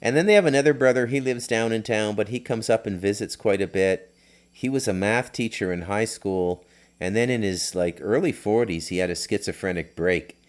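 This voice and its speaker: A middle-aged podcast host tells loose, rambling stories in a fairly low voice at a moderate pace. His casual storytelling is packed with fillers and restarts.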